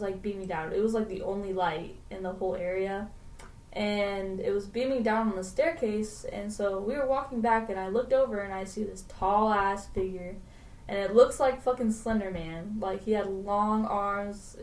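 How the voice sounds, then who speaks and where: A woman's voice: mid-range voice, a little mellow, far from the mic. A young woman co-hosting a podcast, telling a scary story in casual, slangy talk and swearing freely. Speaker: podcast co-host. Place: home podcast room. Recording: roomy echo, mic set back.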